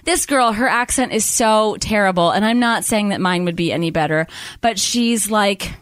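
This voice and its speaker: A woman's voice: medium pitch, moderate pace, dry recording, clean studio sound. A woman co-hosting a podcast, rambling and chatty as she recaps a movie, swearing casually. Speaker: podcast co-host.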